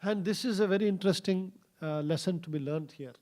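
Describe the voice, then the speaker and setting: A man giving a scripture class in a temple, telling a story with many fillers and pauses. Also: high voice, darkish tone. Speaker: scripture speaker. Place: temple hall.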